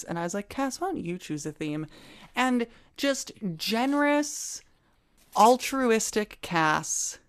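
An American woman co-hosting a history podcast, talking quickly and playfully in casual chat. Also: on the low side, smooth. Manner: quick, playful, self-mocking. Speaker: podcast co-host.

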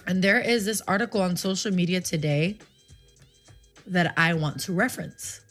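A woman's voice: fairly low pitch, moderate pace, a bit bright, faint music behind. A woman in her twenties hosting a casual live-streamed talk show, goofy and teasing, often joking that she is kidding. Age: 20s. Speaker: show host.

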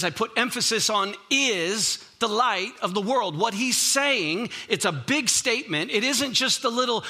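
Bright, tense high-voiced male preacher. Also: lively intonation, moderate pace, few pauses. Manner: conversational, emphatic preaching with repeated words. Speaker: pastor. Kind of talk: sermon.

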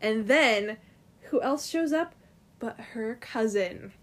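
A woman's voice: on the high side, animated, takes it slowly. A woman in casual chat, retelling a comic's story in a loose, filler-heavy way full of "like" and "um".

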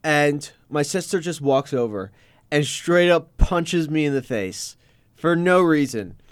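A young man tells a story in relaxed chat, dropping wry asides. His pitch moves around a lot and his voice is smooth. The recording is dry and close. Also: unhurried, no echo. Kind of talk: casual podcast chat.

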